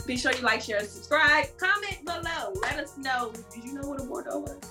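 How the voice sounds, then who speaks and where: A woman's voice: sits high, a little fast, over music. A woman co-hosting a casual podcast, chatting playfully and reading wine labels aloud. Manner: playful, sign-off announcer flourishes. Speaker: podcast co-host. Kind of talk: casual chat.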